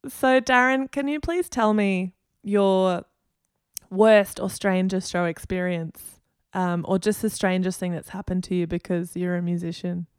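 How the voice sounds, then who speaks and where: Slow, smooth-voiced woman host. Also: on the low side, steady tone, no room sound, clean studio sound. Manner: laughs easily, short reactions. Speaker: podcast host interviewer. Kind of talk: casual interview chat.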